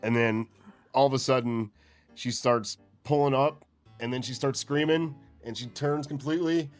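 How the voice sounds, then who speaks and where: A man's voice: medium pitch, steady tone, moderate pace, faint music behind. A man co-hosting a casual movie recap, laid-back and crude, swearing freely. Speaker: podcast co-host.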